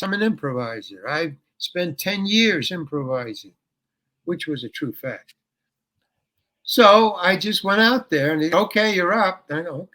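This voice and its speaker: An older man tells a story as an interview guest, bright and forceful in tone. He acts out each line of dialogue with lively energy and a bit of swearing. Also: fairly high pitch. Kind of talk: storytelling anecdote.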